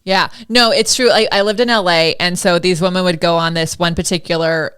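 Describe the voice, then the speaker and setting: A woman's voice: on the low side, steady tone, fairly quick, fairly bright tone, smooth. A woman in her forties hosting a podcast, talking candidly and casually, laughing easily. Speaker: podcast host, Pilates instructor. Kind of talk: casual conversational interview.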